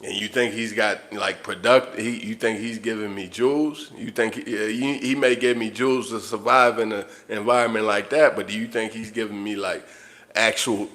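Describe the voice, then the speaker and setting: A man's voice: lowish voice, steady tone, moderate pace, a bit bright. A man talking straight to his viewers in an unscripted livestream monologue, blunt, profane and repeating himself as he rants. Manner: blunt, profane, repetitive ranting. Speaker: livestream host.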